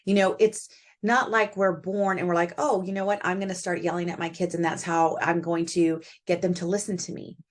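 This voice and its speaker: Her delivery is flat and her voice lowish as this middle-aged podcast host muses on parenting at a moderate pace. It's a warm, conversational solo reflection, peppered with fillers as she thinks out loud.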